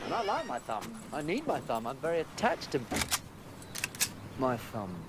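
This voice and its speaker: A chattering fake-Scottish time traveller. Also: male voice, a little high, huge pitch swings, normal speed, very noisy. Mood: playful. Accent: put-on thick Scottish. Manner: chattering, playful, self-mocking. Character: brisk male time traveller faking a Scottish doctor.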